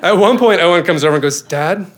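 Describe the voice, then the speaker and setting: A middle-aged father tells a story to a live audience, his voice sitting a little high for a man. He lands wry, self-mocking beats with quick comic timing. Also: animated. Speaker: father telling a personal story.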